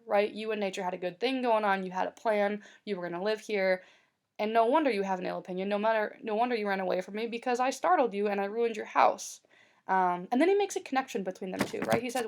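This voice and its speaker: A woman's voice: mid-range voice, fast talker, gravelly. A young adult woman teacher giving a recorded lesson, explaining casually with many fillers.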